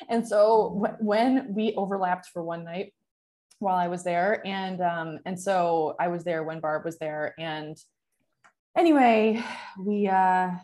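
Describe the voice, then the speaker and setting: A woman's voice: on the low side, unhurried, a little mellow. A young adult woman telling a story in a casual chat, chatty and full of fillers, often laughing.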